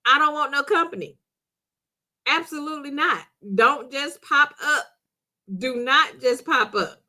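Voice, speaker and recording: A middle-aged woman hosts a live stream, reading viewer comments and chatting casually, laughing often and calling viewers "girl" and "sis." Her voice sits high, bright and pushed, and she speaks unhurriedly.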